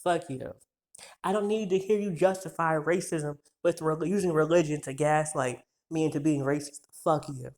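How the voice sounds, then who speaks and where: A man's voice: fairly high pitch, a little mellow. A man in his twenties telling a story in a heated, profane rant, so worked up that he trips over his words. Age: 20s. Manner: heated, profane, rapid-fire insults.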